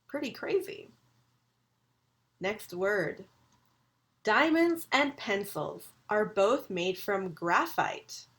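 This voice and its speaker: A woman teaching a recorded university English lecture, speaking clearly and acting out example sentences. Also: medium pitch, animated, extremely slow, long pauses, a bit bright.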